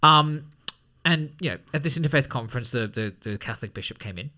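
A man co-hosting a casual podcast, chatting and telling a joke with lively acted-out voices. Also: medium pitch, fast talker. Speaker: podcast co-host. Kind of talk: casual conversation.

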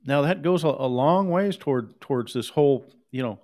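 A man's voice: medium pitch, animated, moderate pace, a little mellow. A male preacher delivers a sermon with a mid-range voice. He talks in a casual, conversational tone, but he hammers his points home by repeating himself. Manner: emphatic, repetitive, conversational.

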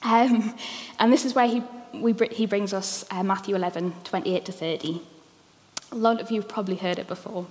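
A woman's voice: mid-range voice, fairly even intonation, a little fast, darkish tone. A woman, preaching a conversational sermon with frequent ums. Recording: long hall reverb.

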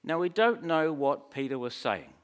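A man's voice: fairly high pitch, sing-song, moderate pace, clear, resonant tone. A man preaching a sermon in a conversational, storytelling way, with humorous asides.

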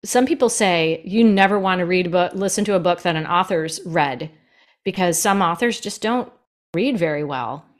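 A woman who narrates audiobooks, chatting in a podcast about her craft, quick and lively in her delivery. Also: on the low side. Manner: fast, lively and animated. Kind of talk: casual podcast conversation.

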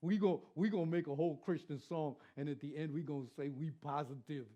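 A middle-aged man preaching a sermon as pastor, animated, repeating phrases and joking with the congregation. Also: on the high side, brisk, lo-fi sound. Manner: animated preaching with repetition and crowd banter. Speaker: pastor and Christian rapper.

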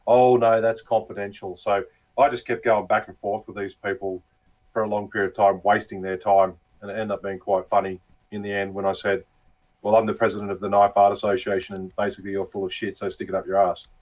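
A man's voice: on the low side, little pitch movement, fairly quick, darkish tone, rough recording. An Australian man casually telling crude, funny stories with plenty of laughter and swearing, often mimicking the people he talked to. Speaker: guest. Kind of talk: casual storytelling chat.

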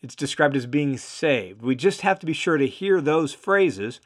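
A man's voice: on the high side, lively intonation, a little slow. A man teaching through a Bible passage verse by verse, in an earnest and emphatic explaining manner.

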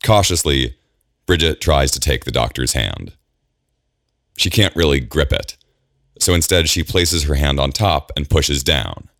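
Very deep, slow male narrator. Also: vocal fry, dry recording, studio quality. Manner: steady and measured. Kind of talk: audiobook narration.

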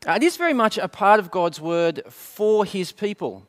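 Middle-aged man, pastor giving a sermon; expressive, rising and falling voice, light humour, fond of rhetorical questions. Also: sits high, normal speed. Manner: asks rhetorical questions and answers them; light storytelling with gentle humour.

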